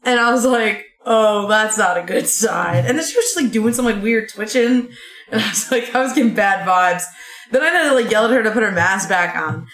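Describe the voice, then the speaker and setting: A woman's voice: fairly high pitch, a little fast. A young woman telling a rambling work story in a casual chat, full of "like"s. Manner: rambling, animated anecdote with many "like"s. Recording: echoey room.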